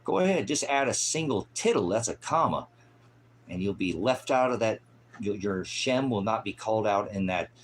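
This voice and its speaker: A man preaching an improvised, fiery sermon in a mocking, scolding manner, swinging from loud outbursts to low mutters. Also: animated, normal speed, a little hiss or hum.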